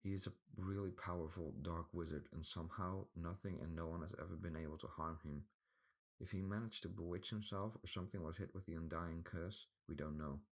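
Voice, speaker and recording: A man voicing a calm male group leader who explains plans in a steady way, in a storybook reading. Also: deep voice, fairly quick.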